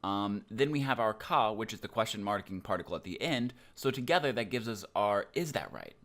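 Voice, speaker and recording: Young man teaching Japanese, low voice. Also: fairly quick. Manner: relaxed, loose, with many ums and likes. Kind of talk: casual explanatory lesson.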